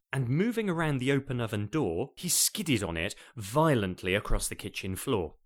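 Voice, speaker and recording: Lively, wry male storyteller. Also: medium pitch. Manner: wry and playful. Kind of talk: comic story narration.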